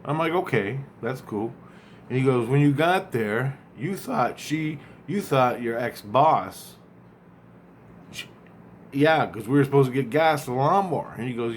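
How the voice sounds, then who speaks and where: A man casually retelling a dream, rambling and acting out both sides of the conversation, often halting and repeating words. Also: mid-range voice, lively intonation, a little hiss or hum.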